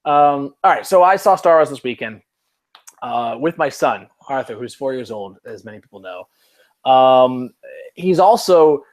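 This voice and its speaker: A man's voice: medium pitch, lively intonation, unhurried. A man from Cleveland hosting a podcast, chatting casually in a rambling, self-mocking way and laughing often. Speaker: podcast host.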